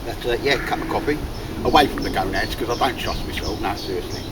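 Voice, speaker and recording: A man's voice: fairly low pitch, fast. A man chatting casually in the woods about a stool he built, calling everyone mate. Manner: chatty, calls everyone mate, laughs often. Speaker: bushcraft vlogger. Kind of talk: casual outdoor chat. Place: woods outdoors. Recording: outdoor camera audio with noise.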